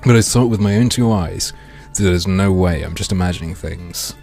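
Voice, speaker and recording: A gaming streamer with a deep, darkish voice reads a video game's text aloud in a brisk, mock-dramatic style, adding sardonic, profane asides. His throat sounds strained and he clears it often, with soft music playing in the background.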